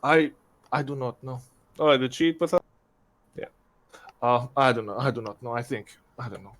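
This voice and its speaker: A man's voice: mid-range voice, normal speed, fairly bright tone. A man playing a ship's captain in a tabletop game, speaking in a hesitant, stammering way. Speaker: player. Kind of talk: in-character tabletop role-play.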